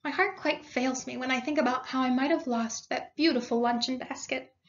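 A woman voicing an apologetic, dejected male mole in a storybook read-aloud, speaking low and contritely. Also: fairly even intonation, fairly quick, muffled recording.

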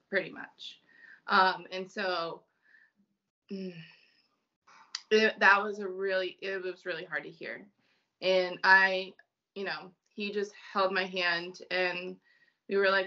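A woman from Illinois, a mother and podcast guest, telling a personal story slowly and haltingly with many ums. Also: medium pitch, fairly even intonation, pushed and bright, lo-fi sound.

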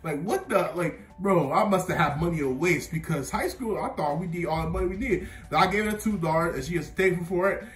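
Young male vlogger with a high voice, rambling and self-mocking, recorded in an echoey room away from the mic with faint music. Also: expressive, fairly quick, hardly any pauses. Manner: rambling, filler-heavy, laughing at himself. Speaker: vlogger telling a personal story. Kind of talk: casual storytime monologue. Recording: roomy sound, mic at a distance, faint music.

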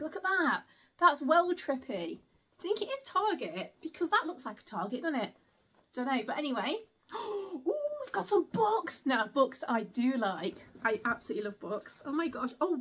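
High-voiced giggly woman vlogging. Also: a bit bright. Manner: chatty, apologetic, giggly. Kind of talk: casual unboxing chat.

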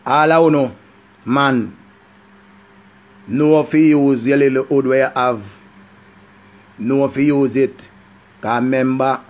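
A man with a Jamaican accent giving casual, profane commentary. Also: medium pitch. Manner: animated, repetitive, profane. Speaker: vlogger.

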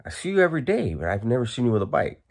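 A man telling a funny story in a casual, profane way, laughing now and then. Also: mid-range voice. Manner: laid-back, profane, laughs while telling. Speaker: storyteller vlogger.

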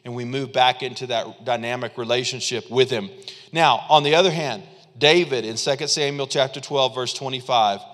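A man preaching a sermon as pastor, animated and acting out quotes with frequent chuckles. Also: mid-range voice, moderate pace. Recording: long hall reverb.

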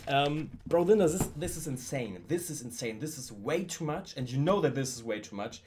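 A young man, excitedly unboxing fan mail at his home PC setup and gushing about every item. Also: on the high side, moderate pace, hardly any pauses, noisy background. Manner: excitable, gushing, says "bro" often. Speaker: YouTuber.

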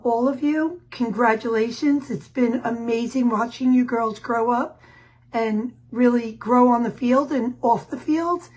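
A woman, a player's mother, recording a soft-spoken video message of congratulations. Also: a little high, husky, rough recording.

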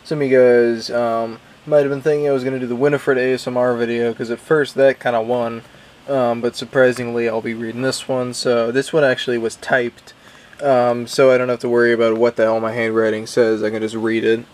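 A man's voice: mid-range voice, level tone, fairly quick, darkish tone. A young man casually reading a book he made as a child, with wry asides and frequent ums. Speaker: YouTuber.

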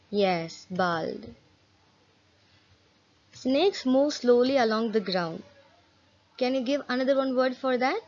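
A woman's voice: fairly high pitch, muffled recording. A woman teaching an English reading lesson, encouraging pupils to repeat words after her. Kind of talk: slow classroom reading lesson.

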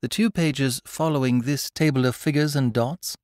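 A man voicing an eager, excitable young amateur sleuth who presses with urgent questions in an audiobook. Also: mid-range voice, normal speed, no echo, studio quality, pitched above the performer's own voice, lightly acted. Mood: questioning.

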